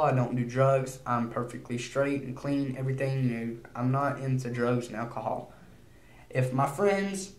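A teenage boy vlogging in a casual, rambling way, nervous and prone to quick bursts of speech. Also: mid-range voice, echoey room. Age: teens. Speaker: YouTuber.

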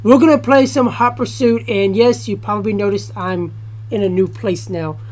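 Profane, excitable young woman gamer. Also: mid-range voice, moderate pace. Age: young adult. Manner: talking quietly. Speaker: gaming YouTuber. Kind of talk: gameplay commentary. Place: college dorm room.

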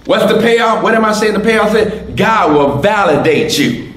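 A man preaching a sermon as pastor, swinging from shouts down to soft whispers and repeating his words. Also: sits high, animated, unhurried. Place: church sanctuary. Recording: echoey church room, faint background noise.

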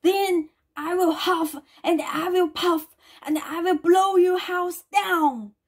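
A woman voicing a menacing, blustering big bad male wolf in a storybook reading, with a drawn-out threatening chant. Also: very high voice, steady tone, voice pushed up.

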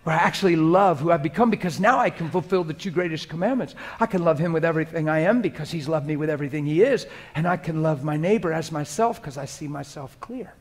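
A middle-aged man preaching a sermon to a live congregation, moving from hushed prayerful murmurs to loud, animated, laughing storytelling. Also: fairly high pitch, quick pace, few pauses. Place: church hall before a live congregation.

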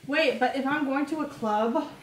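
A woman's voice: sits high, moderate pace, far from the mic, a little hiss or hum. Playful young woman in an echoey room. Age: 20s. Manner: playful, dramatic, joking. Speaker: vlogger. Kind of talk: casual chat. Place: home room.

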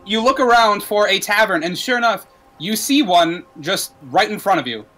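A man's voice: sits high, expressive, moderate pace, pushed and bright, faint music behind. A man narrating as game master of a tabletop game, describing scenes in a loose, rambling way.

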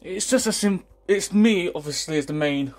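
A man, out of breath and excited, rambling through a casual vlog announcement as a YouTuber. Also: high-pitched, normal speed. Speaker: YouTuber and podcast host.

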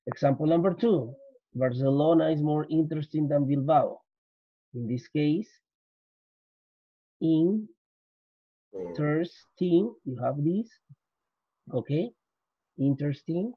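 A man with a Spanish accent teaching an English grammar lesson, explaining slowly, repeating points and switching into Spanish for his students. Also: on the high side, husky, dry recording. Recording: dull lo-fi.

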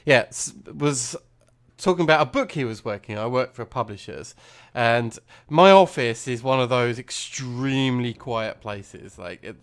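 A man's voice: mid-range voice, fairly bright tone, clean tone. A man chatting casually while playing a video game, rambling through a funny story and laughing easily. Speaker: let's play host. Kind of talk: casual gameplay chat.

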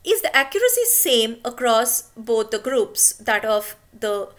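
A woman's voice: a little high, a little slow. Patient woman explaining a lesson. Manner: steady, patient, poses questions to the listener. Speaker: instructor. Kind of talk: explanatory technical lecture.

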